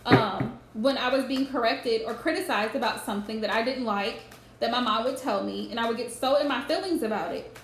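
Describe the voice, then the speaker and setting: A high-pitched woman reads tarot on a live stream and talks straight to her viewers. She is earnest and repeats key phrases for emphasis. The room is echoey, with faint noise behind her. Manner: earnest, repetitive, advising viewers directly. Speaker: tarot reader. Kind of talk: live-streamed spiritual reading. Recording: roomy echo with faint background noise.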